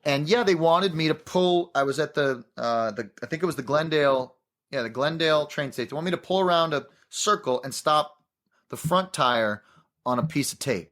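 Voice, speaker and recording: A man is a guest on a chat show and tells a long story from a film set. His voice sits a little high for a man. He talks in a loose, animated way, restarts often and acts out other people's lines. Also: normal speed. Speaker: guest actor. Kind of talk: casual anecdote telling.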